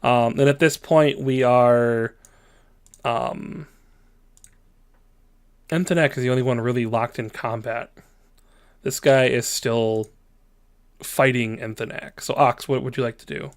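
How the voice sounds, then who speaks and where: A man's voice: mid-range voice, fairly even intonation, unhurried, long pauses, clear, resonant tone. A man narrating as game master in a loose, casual way with lots of fillers.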